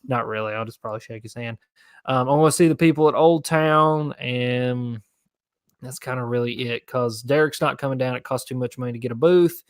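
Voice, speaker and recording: A man's voice: medium pitch, a little fast, clean tone, no echo. Laid-back young man on a dry mic. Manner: laid-back, rambling, answering viewer questions. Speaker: fishing channel host. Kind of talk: casual livestream Q&A.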